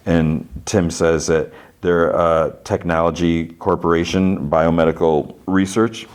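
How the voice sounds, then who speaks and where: Deep-voiced man recapping a show. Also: little pitch movement, clear, resonant tone. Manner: retells scenes with quick voice shifts for characters. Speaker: podcast host. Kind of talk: casual plot recap with acted quotes.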